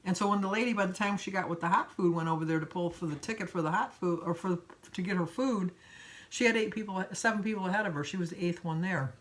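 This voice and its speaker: A woman's voice: lowish voice, fast. An older woman from Michigan telling a long, rambling everyday story as a vlogger. She chats casually and laughs between sentences. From Michigan, USA.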